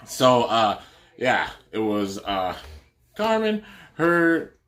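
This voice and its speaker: A man's voice: medium pitch, big pitch swings, extremely slow, fairly bright tone. A young man vlogging a casual storytime, rambling with lots of fillers and restarts. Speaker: YouTuber.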